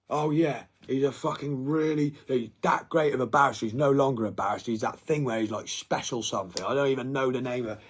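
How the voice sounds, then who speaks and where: A husky-voiced man rants with heavy swearing. He drops into breathy whispers, then flares up loud, with a middle-range pitch throughout. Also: expressive, normal speed. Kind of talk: profane threatening rant.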